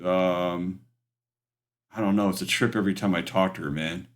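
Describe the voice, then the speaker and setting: Game master, male, lowish voice, halting filler-heavy narration. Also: steady tone.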